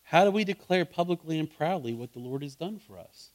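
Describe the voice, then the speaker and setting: A man leading a Bible study in an interactive sermon style. His voice sits a little higher than most. He talks casually with his listeners, asks them questions, and rises to fervent emphasis on key points. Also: animated, fairly quick. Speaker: pastor teaching a Bible study.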